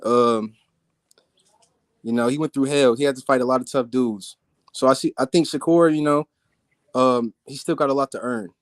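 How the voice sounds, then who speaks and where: A man's voice: medium pitch, steady tone, normal speed, pauses often, dry recording. A man calling in to a live boxing talk stream, giving his opinions hesitantly with many restarts. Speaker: caller. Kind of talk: casual debate call-in.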